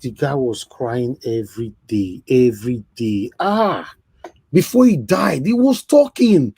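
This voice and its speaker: A man's voice: medium pitch, expressive, a little slow, gravelly, warm tone, slightly rough, no room sound. A man hosting an online talk show, casual and prone to repeating words. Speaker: host.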